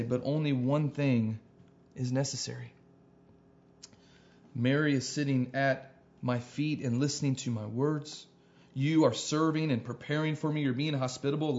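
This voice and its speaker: A man preaching a sermon as pastor, earnest, repeating phrases and building to emphatic peaks. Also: fairly high pitch. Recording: dull lo-fi sound.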